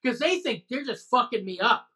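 A woman co-hosting a podcast, telling an animated story in casual chat with lots of swearing. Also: fairly high pitch, normal speed.

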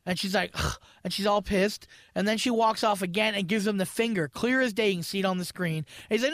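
A man's voice: high-pitched, brisk, fairly bright tone, no room sound, studio quality. A man in casual podcast chat, swearing freely and acting out the people in his stories. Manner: profane, storytelling, acts out quoted people. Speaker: podcast co-host.

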